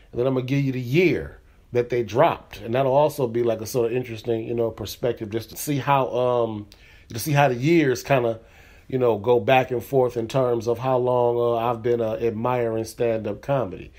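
A man's voice: medium pitch, steady tone, normal speed, a little mellow. Chatty middle-aged male podcast host. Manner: loose and conversational, with lots of fillers like "you know what I'm saying". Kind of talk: casual solo podcast monologue.

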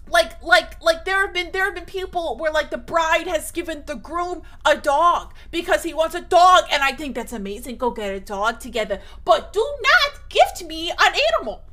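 A woman's voice: sits high, normal speed, bright, forceful tone. A young woman streaming, chatting casually, emphatic and swearing often, her voice shooting up when she gets worked up.

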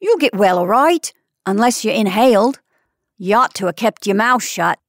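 A woman voicing a brash young Irish woman, a hospital patient, who talks loud and blunt. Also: mid-range voice, expressive, moderate pace, dry recording, clean studio sound, natural voice. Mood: scolding.

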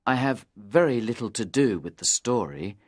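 A man's voice: medium pitch, lively intonation, normal speed, no room sound, clean studio sound, natural voice. A man voicing a nervous young man in his twenties in storybook dialogue for English learners, earnest and pleading. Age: 20s. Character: nervous, pale young man seeking help.

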